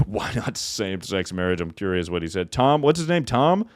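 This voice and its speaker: A man's voice: fairly low pitch, sing-song, moderate pace, no echo, studio quality. Riffing young man on a comedy podcast. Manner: riffing, laughs often, jumps between loud bits and mumbled asides. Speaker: podcast host. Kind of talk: casual comedic chat.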